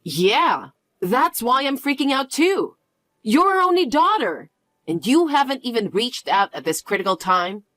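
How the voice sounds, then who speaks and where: A woman voicing a frantic middle-aged mother who pleads, pushes and keeps repeating herself, in a lower, heavier register. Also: very animated, unhurried, a bit bright, dry recording. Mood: pleading. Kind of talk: dialogue story acting.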